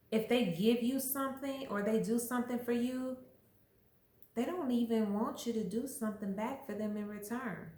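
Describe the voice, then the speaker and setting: A woman talking straight to camera in a loose, chatty way, leaning hard on her points with plenty of emphasis. Her voice sits at an ordinary middle pitch. The room around her is noticeably echoey. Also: darkish tone. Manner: chatty, emphatic, acts out little quoted voices. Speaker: astrology vlogger. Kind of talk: casual explanatory chat.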